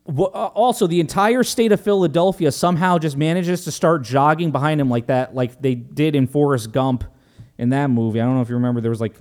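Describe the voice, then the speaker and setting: A man casually recapping a movie as a podcast host, animated, joking and profane. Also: a little high, a little fast. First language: Italian heritage, speaks English.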